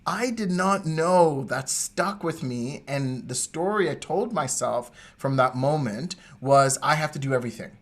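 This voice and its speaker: Man, lively podcast storyteller. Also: a little high, unhurried, hardly any pauses. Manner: animated storyteller, acts out quoted voices. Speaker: podcast co-host. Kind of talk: casual storytelling chat.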